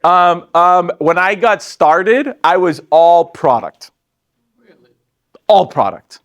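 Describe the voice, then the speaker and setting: A man in his forties running a live training session for a sales team, animated and joking, laughing often and talking straight to the room. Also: sits high, slow pace. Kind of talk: live training talk to an audience.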